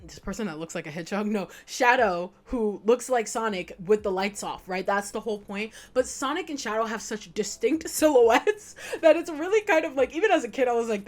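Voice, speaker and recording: A young woman giving a casual retrospective commentary, animated and emphatic, swearing freely as she talks. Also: a little high, a little fast, hardly any pauses. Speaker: video essayist.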